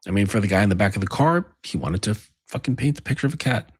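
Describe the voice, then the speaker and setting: This is a man with a husky, breathy edge to his voice, speaking in a casual monologue. He rambles and swears freely as he lectures like a men's coach. The sound is dry and close, with no room echo. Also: on the low side, animated, quick pace. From United States.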